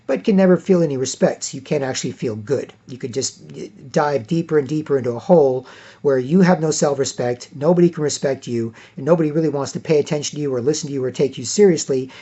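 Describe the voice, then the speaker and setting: Man, emphatic monologue, fairly high voice, dull lo-fi sound. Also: warm tone, breathy edge. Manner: emphatic, repeats himself, acts out quotes. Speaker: commentator. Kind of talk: casual monologue.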